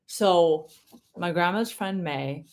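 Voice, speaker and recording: A woman's voice: fairly low pitch, darkish tone. A woman reading a family memoir aloud in a casual way, stopping often to comment and explain. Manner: reads slowly, breaks off to comment and explain.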